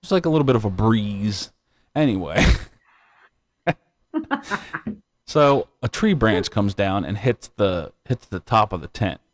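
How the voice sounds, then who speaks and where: A man's voice: on the low side, animated, measured pace, pauses often, dry recording, clean studio sound. A man hosting a live stream, chatting casually and telling rambling stories with frequent laughter. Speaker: livestream host.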